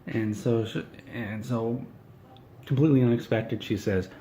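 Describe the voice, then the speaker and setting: A man's voice: on the low side, steady tone, a little slow, pauses often, dark tone, slight background noise. A man doing an in-character comedy monologue, ranting in an indignant, whiny, self-important way.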